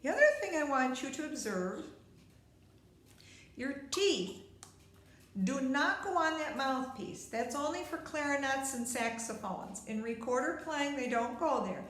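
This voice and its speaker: Woman music teacher, high lively voice, patient step-by-step instruction, echoey room. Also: unhurried. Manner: patient step-by-step teaching, addresses viewer directly. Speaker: recorder teacher. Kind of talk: instructional video lesson.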